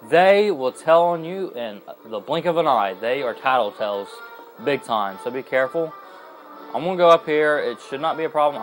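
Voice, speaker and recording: A man's voice: medium pitch, poor audio. A young adult man giving casual, rambling let's-play commentary as a gaming host, with plenty of fillers and self-corrections.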